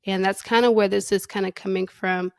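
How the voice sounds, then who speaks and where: A woman hosting a faith podcast, speaking candidly and emotionally about her struggles, close to tears, with restarts and soft laughs. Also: mid-range voice, fairly even intonation, fairly quick, dry recording. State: near tears. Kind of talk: personal reflective monologue.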